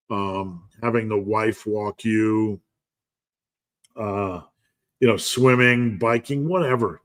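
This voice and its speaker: A man hosting a live podcast Q&A, reading viewer comments aloud and answering them in a casual, joking way with frequent laughs. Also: lowish voice. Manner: laid-back, jokey, reads chat comments aloud and laughs often. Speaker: podcast host answering live chat questions.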